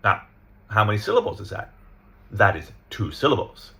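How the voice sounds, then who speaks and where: Guy teaching english pronunciation, low gravelly voice, keeps checking in with right? okay?. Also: huge pitch swings, bright, forceful tone. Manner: explains step by step, often checking in with "right?" and "okay?"; reads example words and sentences aloud slowly. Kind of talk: slide-based lesson.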